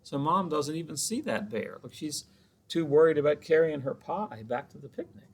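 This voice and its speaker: A man's voice: on the high side, expressive, normal speed, slight background noise. A man who is a children's librarian, reading a picture book aloud with chatty asides to the children.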